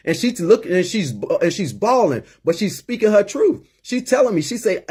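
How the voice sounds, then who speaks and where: Man, husky voice, a little high, emphatic, call-in host. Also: very animated, fast talker, few pauses, a little mellow. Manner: emphatic, repeats words when worked up. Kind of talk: impassioned monologue.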